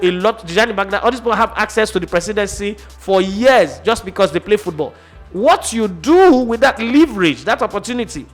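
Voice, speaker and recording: A high-voiced man with a Nigerian accent who talks fast and hard, stacking up rhetorical questions. He hosts a sports talk show, pressing his opinion with force over faint music underneath. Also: a bit bright. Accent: Nigerian English.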